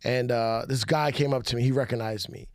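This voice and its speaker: A man from New York City hosting a casual podcast chat, telling animated stories. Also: medium pitch, fairly quick, no echo, clean studio sound. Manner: animated storyteller, tosses in quoted dialogue. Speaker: podcast host.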